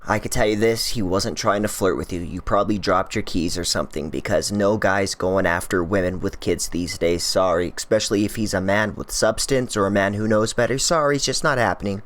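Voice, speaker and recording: A man's voice: fairly low pitch, fairly quick, hardly any pauses, a bit bright. A man hosting a reaction video, making blunt, dismissive comments between clips.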